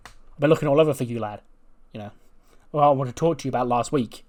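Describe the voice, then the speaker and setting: A man's voice: mid-range voice, fast talker, a little mellow, lightly acted. A man voicing a cocky, talkative male wrestler who speaks in a brash, breezy way. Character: cocky chatty male wrestler, pushy and upbeat.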